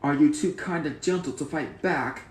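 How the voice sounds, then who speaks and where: A man voicing a brash, boastful young villain hunter, loud and taunting, reciting from a cartoon film. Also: a little high, normal speed, reverberant, recorded from a distance, voice pushed down, close to an everyday voice.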